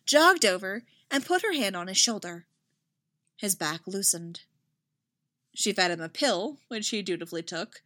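Woman, story narrator, slow, expressive pitch, dry close sound. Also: no echo. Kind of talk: reading fan fiction aloud.

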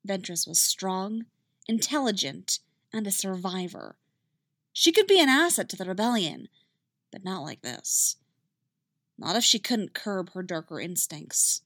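A woman narrating a fan fiction story in a steady, even reading voice. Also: on the low side, unhurried, dry recording, studio quality.

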